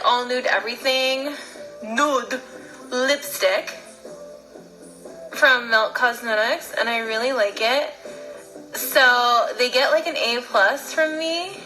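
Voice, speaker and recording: Young woman beauty vlogger, chatty and excitable, light high voice, faint background music. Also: slow, long pauses, poor audio. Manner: bubbly and chatty, gushing over products. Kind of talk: casual makeup unboxing chat.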